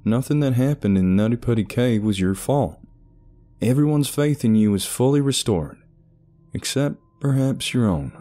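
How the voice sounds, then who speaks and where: A man's voice: mid-range voice, lively intonation, moderate pace, faint music behind, voice pushed up, natural voice. A patient, persuasive therapist, voiced by a man. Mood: reassuring. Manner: reassuring, patient, gently insistent. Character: calm, persuasive male therapist.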